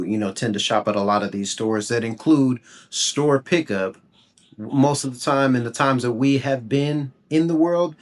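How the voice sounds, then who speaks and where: A young adult man, a podcast host, casually telling a funny anecdote and acting out bits of it. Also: mid-range voice. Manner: animated, acts out voices and laughs while telling a story.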